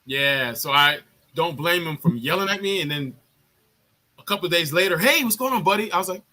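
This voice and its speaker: A man's voice: on the high side, fairly quick. A man, an army veteran, telling a story in a casual live chat. He swears freely and acts out what others said. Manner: profane, animated, acts out other people's lines.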